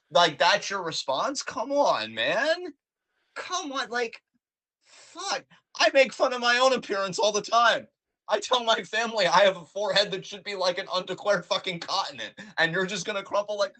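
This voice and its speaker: A man co-hosting a casual wrestling review podcast, ranting with profane, animated mock outrage. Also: high voice. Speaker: podcast co-host.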